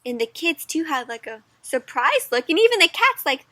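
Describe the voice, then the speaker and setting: A young woman hosting an interactive children's read-aloud, animated and teacherly, stopping to ask the listener questions. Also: high voice, normal speed, dry recording.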